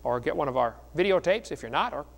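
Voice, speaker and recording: A middle-aged man preaches at a seminar, his voice slightly high for a man. He tells stories in a folksy, joking way and keeps the delivery lively. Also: quick pace, creaky. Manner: folksy, joking, animated storytelling. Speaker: evangelist speaker.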